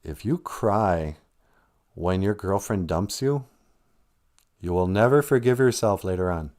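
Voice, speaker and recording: A man's voice: low-pitched, a little slow, a little mellow. A man hosting a livestream, giving humorous casual advice and laughing between lines. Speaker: livestream host and language teacher.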